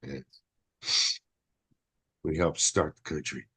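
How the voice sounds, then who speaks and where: A man's voice: very deep voice, big pitch swings, slow pace, gravelly, husky. Man, rambling, agreeable, lots of fillers, casual talk. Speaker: podcast co-host. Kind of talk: casual political chat.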